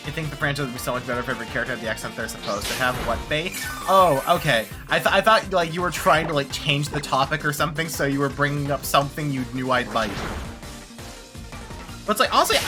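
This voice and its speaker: A streamer chatting casually during a video game stream, rambling and swearing, often laughing. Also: medium pitch. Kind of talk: casual gaming stream chat.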